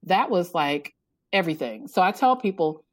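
A woman guest in a casual interview, animated, telling her story and laughing often. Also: normal speed. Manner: animated, laughs often, acts out quotes in a higher voice. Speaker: podcast guest, author and coach.

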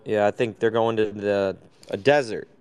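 Male host with a smooth, clear voice, blunt and offhand in casual talk. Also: fairly low pitch, fairly even intonation, moderate pace, a little mellow. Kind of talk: casual crypto chat.

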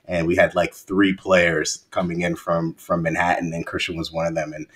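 Deep-voiced young man hosting a podcast. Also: moderate pace. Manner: relaxed, repeats words and uses many fillers. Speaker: podcast host. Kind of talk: casual interview chat.

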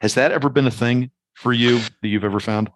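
A man's voice: medium pitch, fairly quick, rough recording. A man hosting an interview, asking long, thoughtful questions with a few restarts. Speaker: podcast host, interviewer. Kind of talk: conversational interview.

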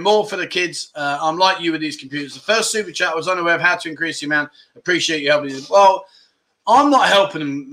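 Here a middle-aged livestream host speaks in a somewhat high, bright, pushed voice. He keeps things casual, chatting, joking and reading out what viewers have commented.

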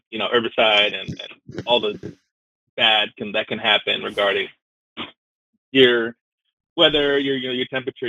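A man's voice: fairly low pitch, pushed and bright, dry recording. A male caller putting on a Cajun accent, rambling and hesitant. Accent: put-on Cajun. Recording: muffled phone line.

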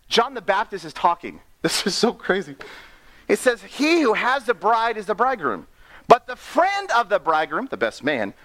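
Animated young male preacher, high voice. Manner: animated, playful, laughs at own asides. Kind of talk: sermon.

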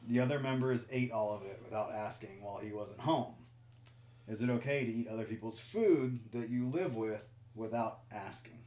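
A man's voice: lowish voice, moderate pace, darkish tone, roomy sound. A man hosting a casual podcast chat, reading listener questions in a wry, exasperated way. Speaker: podcast host.

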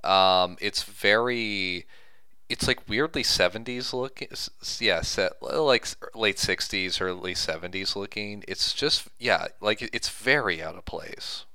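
A man with a low, bright and clear voice picks apart a film in casual chat. His take is dry and critical, and he restarts his sentences as he goes. The sound is close and dry. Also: unhurried, dry recording. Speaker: podcast co-host reviewing a film.

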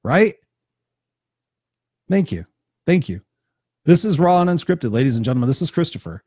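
A man's voice: on the high side, big pitch swings, normal speed, a little mellow, no echo, studio quality. A man giving an unscripted motivational talk as host of his own live stream, passionate and swearing freely, repeating points for emphasis.

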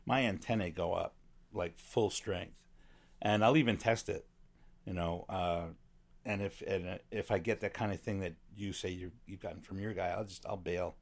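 A man with a fairly low voice speaks in an easygoing conversation. He weighs in thoughtfully with his own views and asks follow-up questions. His speech is loose and unscripted, with a few stumbles. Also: steady tone, moderate pace. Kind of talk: casual chat.

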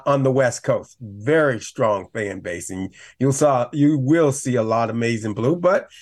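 A middle-aged man talking as a guest on a sports radio show, enthusiastic and repeating himself for emphasis. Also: mid-range voice. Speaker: guest analyst, former running back.

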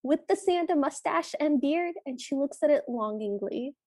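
Woman co-host, brighter higher voice, dry sound, wry plot recapping. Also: lively intonation, normal speed, no room sound. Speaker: podcast co-host. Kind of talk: casual movie recap chat.

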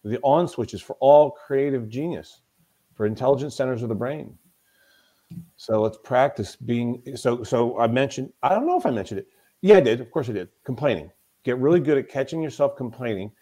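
An emphatic man at a middle pitch, speaking as a guest in a relaxed podcast interview. He tells stories with plenty of emphasis and often circles back to repeat a point. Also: moderate pace. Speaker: podcast guest, mental toughness coach. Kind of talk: conversational interview.

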